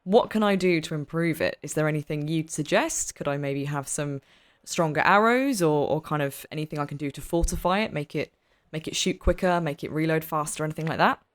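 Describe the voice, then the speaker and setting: A woman's voice: low-pitched, a little fast. A woman playing a tabletop game, chatty and eager, with frequent hesitations. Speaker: player. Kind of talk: casual tabletop play.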